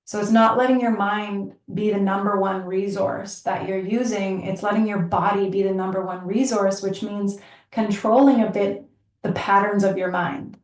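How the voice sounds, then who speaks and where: A woman's voice: mid-range voice, fairly even intonation, normal speed. A woman yoga teacher giving an earnest, chatty reflective talk, laughing often and full of likes and you-knows. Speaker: yoga teacher and podcast host. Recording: roomy, from a distance.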